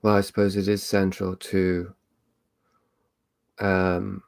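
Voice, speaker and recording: A man's voice: sits low, completely flat delivery, takes it slowly, vocal fry, no room sound. A man hosting a live online meet, talking in a rambling, reflective way with many fillers and restarts. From England. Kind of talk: casual solo talk.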